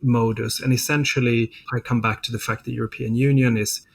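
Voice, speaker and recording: A middle-aged man giving a diplomat's answers in a policy interview, with a voice in the middle of the usual male pitch range. He speaks in a measured, thoughtful way and leans on "you know" as he builds each point. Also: level tone, vocal fry, slight background noise.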